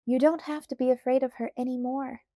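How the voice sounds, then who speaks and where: Bold spirited colonial girl, played by a woman, confident, slightly high voice, mellow, dry sound. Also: steady tone, a little fast, no room sound. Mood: defiant. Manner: confident, lightly raised voice.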